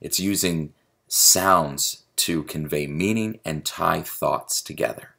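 Male writing instructor, deep and gravelly, explanatory lecture delivery. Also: slow, bright, forceful tone. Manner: explanatory, chants stress patterns aloud. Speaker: creative writing teacher. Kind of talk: recorded video lecture.

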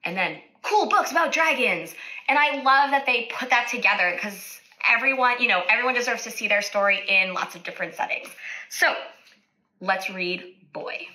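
A woman speech-language therapist reading a picture book aloud to children, animated and stopping to ask questions. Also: on the high side, moderate pace, low-quality recording.

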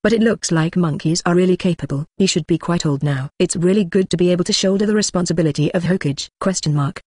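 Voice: medium pitch, fast talker, no echo, clean studio sound. Synthetic narrator reading punctuation aloud. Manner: reads punctuation marks aloud; even, mechanical delivery with odd phrasing. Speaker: audiobook narrator. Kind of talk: text-to-speech audiobook narration.

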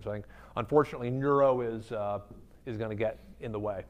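A man's voice: mid-range voice, fairly even intonation, a little fast, clean tone. A man speaking as a guest at a company talk, answering audience questions in a candid, conversational way with frequent ums. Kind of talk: conference Q&A talk. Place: company event room.

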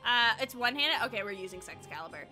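A woman's voice: a little high, animated, fast, pushed and bright, soft background music. A woman VTuber streaming a game, chatting crudely with lots of giggles and reading text aloud. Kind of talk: casual livestream chat with reading aloud.

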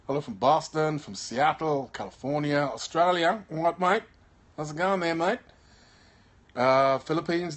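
Tired man from Birmingham, actor, relaxed live-stream chat through a handheld phone, throat-clearing, trailing ums. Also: mid-range voice. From Birmingham, England. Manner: laid-back, keeps clearing his throat, trails off with ums. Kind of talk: casual live-stream chat, reading viewer comments. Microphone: phone held in hand.

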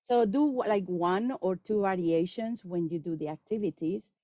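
A woman answering questions after a talk on language teaching, animated and acting out quoted students. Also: mid-range voice, moderate pace, no room sound. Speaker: guest speaker on language teaching. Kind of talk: lecture Q&A answer. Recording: dull lo-fi sound.

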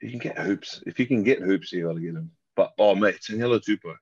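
Deep husky Australian man, laid-back. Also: quick pace, no echo. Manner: laid-back, rambling, says "mate" constantly. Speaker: guest rugby player. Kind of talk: casual podcast chat. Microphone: remote call. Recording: dull lo-fi call audio.

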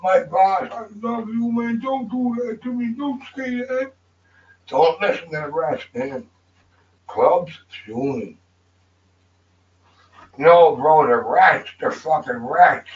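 A man's voice: sits high, expressive, slow, long pauses, recorded from a distance, highs cut off. Profane, emotional man livestreaming. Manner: profane, emotional, swinging from shouts to mutters. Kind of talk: rambling livestream chat.

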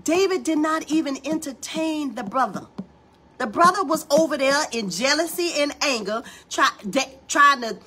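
Fiery high-voiced woman preacher. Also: animated, normal speed, sharp tone. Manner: fiery, colloquial preaching that acts out the people in the story. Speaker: preacher hosting a morning devotional. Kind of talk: sermon.

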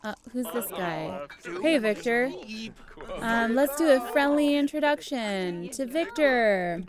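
A woman's voice: a little high, sing-song, a little slow. A young adult woman casually commentating a life-sim game, chatty and playful, often laughing. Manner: chatty, giggly, playful self-narration. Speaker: gaming YouTuber. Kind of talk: casual let's-play commentary.

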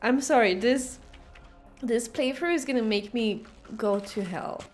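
A woman's voice: fairly high pitch, a little slow, soft background music. A woman streaming a video game, chatting casually and giggling often. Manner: giggly, animated.

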